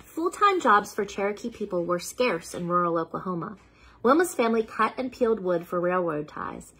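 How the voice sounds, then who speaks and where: A woman's voice: mid-range voice, very animated, normal speed, pushed and bright, husky, poor audio. A woman hosting a children's read-aloud, reading a picture book steadily and stopping now and then to sound out unfamiliar words.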